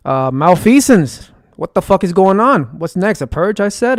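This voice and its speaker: A man's voice: high voice, sing-song, moderate pace, dry recording, clean studio sound. Rambling, profane New man. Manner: rambling, profane, with frequent fillers and repeated phrases. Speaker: streamer. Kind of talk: agitated rambling monologue.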